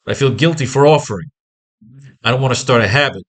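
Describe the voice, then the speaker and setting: A man's voice: mid-range voice, animated, fast, husky. A man teaching comic book writing in a casual online lesson, talking in a profane, rambling, exasperated way.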